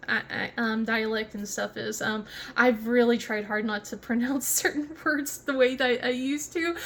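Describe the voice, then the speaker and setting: A Southern American woman from southern West Virginia chats casually on her craft vlog in a fairly high, slightly bright voice. Her talk rambles, full of fillers, restarts and frequent laughter.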